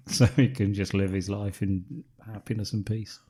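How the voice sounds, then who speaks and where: A man's voice: fairly low pitch, steady tone, unhurried, mellow, husky. A man, co-hosting a podcast and throwing in dry jokes and laughs. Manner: dry jokey asides, frequent laughter. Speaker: podcast co-host. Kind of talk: casual film-review chat.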